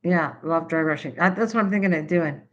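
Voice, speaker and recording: A woman's voice: low voice, a little fast, muffled recording. An older woman from Canada hosting a casual craft live stream, rambling chattily and answering viewers' typed comments.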